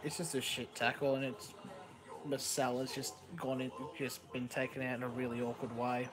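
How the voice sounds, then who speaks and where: An Australian man talks into a headset microphone during a casual live stream. He rambles and cracks jokes, and his voice sits at an ordinary middle pitch. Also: flat delivery, normal speed, low-quality recording. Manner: rambling, jokey, laughs often.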